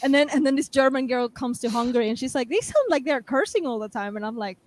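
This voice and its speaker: High-voiced woman, laughing chatter. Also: fast, poor audio. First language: Spanish. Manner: animated, laughing, repeats words as she talks. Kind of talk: casual chat.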